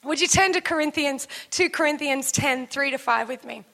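Woman pastor in her thirties, high bright voice, animated sermon delivery. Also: moderate pace. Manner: animated storytelling, shouting in the story. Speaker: preacher. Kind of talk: sermon with personal story.

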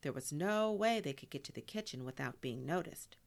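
A woman reads a children's storybook aloud in a low, gravelly voice. Her delivery is lively and full of expressive turns, with Spanish words dropped in. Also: brisk.

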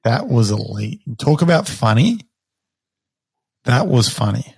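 A man's voice: mid-range voice, big pitch swings, measured pace, vocal fry, slightly rough, no echo, studio quality. A man speaking as a podcast guest, recounting a funny story with enthusiasm. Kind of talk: casual chat.

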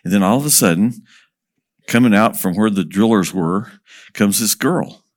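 A man working as a missionary speaker tells a story to an audience, lively, asking questions and chuckling as he goes. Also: on the low side, moderate pace.

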